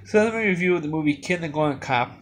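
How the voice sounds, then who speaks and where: A man's voice: a little high, lively intonation, quick pace, slight background noise. A man giving an unscripted movie review, rambling along with many restarts and fillers.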